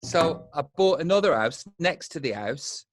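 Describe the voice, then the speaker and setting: A man's voice: fairly high pitch, animated, normal speed, no echo, studio quality. A man in his forties with an English accent, chatting casually and swearing freely as a guest over a video call. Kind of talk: casual chat.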